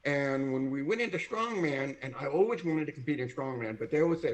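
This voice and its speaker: A middle-aged man from California telling his life story in a lively way, acting out the voices of people he quotes. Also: medium pitch, fairly quick, hardly any pauses. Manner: animated, acts out quoted voices. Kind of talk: personal storytelling. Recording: echoey room.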